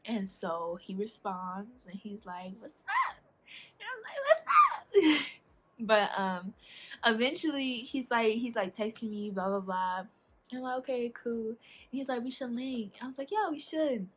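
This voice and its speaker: A young woman, chatting casually as a vlogger through a storytime about a date, animated and laughing as she acts out what people said. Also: on the high side, measured pace.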